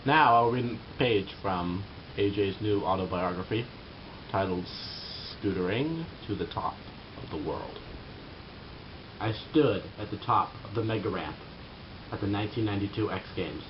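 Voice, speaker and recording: A man reading aloud slowly and solemnly in a comedy sketch. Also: lowish voice, expressive, highs cut off, background noise. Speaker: reader. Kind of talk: mock-dramatic book reading.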